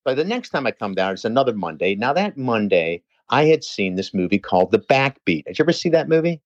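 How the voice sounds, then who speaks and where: A man telling a lively, swearing anecdote in a casual chat, talking fast. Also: mid-range voice, no echo, highs cut off. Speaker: personal trainer telling a story.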